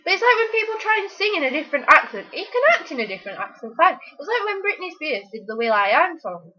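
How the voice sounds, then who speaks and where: A teenage girl rambles through her opinions in a casual chat, with lots of fillers along the way. Her voice is high and bright and swoops up and down a lot. The home recording sounds dull and lo-fi. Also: very animated, fast talker. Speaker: interviewee.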